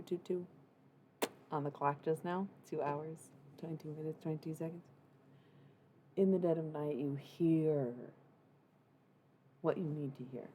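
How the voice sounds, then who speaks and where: A woman with a deep voice and a creaky, gravelly texture chats on a livestream. She rambles loosely from one thought to the next, dropping slang and the odd curse. Her musings turn mystical, with faint noise under the voice. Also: mellow. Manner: rambling and free-associating, swears casually. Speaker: livestreamer giving an intuitive reading. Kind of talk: casual livestream chat.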